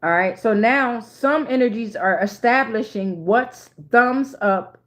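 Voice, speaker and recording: Woman, tarot reader, slightly high voice, chatty, swears freely. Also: takes it slowly, hardly any pauses. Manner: chatty, profane, keeps asking "right?". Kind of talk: casual reading to viewers.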